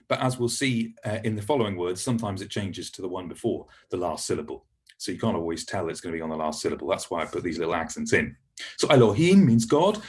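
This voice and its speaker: A man gives a pronunciation lesson, explaining each sound step by step in a patient teaching voice. His voice sits at an everyday middle pitch. He stops to model words so listeners can repeat them. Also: darkish tone. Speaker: language teacher.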